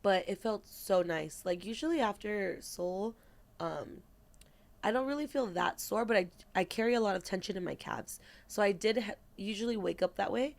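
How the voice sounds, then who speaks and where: A young woman co-hosting a podcast, telling an animated story in casual chat, acting out quoted lines and swearing freely. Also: medium pitch, normal speed, gravelly. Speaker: podcast co-host.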